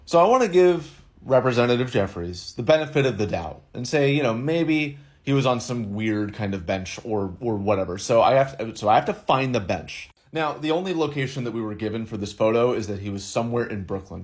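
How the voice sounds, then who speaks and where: A man giving an explanatory video commentary, methodical and reasoning step by step. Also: mid-range voice. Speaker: online commentator.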